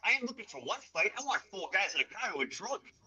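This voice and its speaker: A man's voice: high-pitched, very animated, fast, sharp tone, husky, lo-fi sound. A middle-aged man ranting angrily on a livestream, cursing and confronting someone directly. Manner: angry, profane, confrontational. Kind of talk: heated livestream rant.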